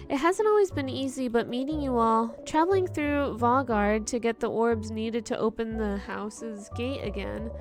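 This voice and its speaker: A shy young woman in a game speaks up with soft, halting sincerity, her voice lifted high, put on by a woman reading the dialogue. Game music plays underneath. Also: close to an everyday voice.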